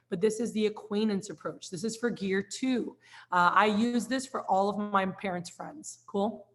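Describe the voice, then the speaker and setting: A woman's voice: medium pitch, a bit bright. A woman leading a casual sales training session, upbeat and chatty, often checking in with her listeners. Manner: upbeat, chatty, lots of "like" and "all right?".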